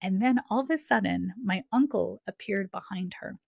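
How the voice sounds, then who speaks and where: A woman's voice: mid-range voice, normal speed, creaky, no room sound. A woman hosting a podcast, telling a personal story in a chatty, filler-heavy way, often laughing and acting out the voices of people she quotes. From Canada. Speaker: podcast host.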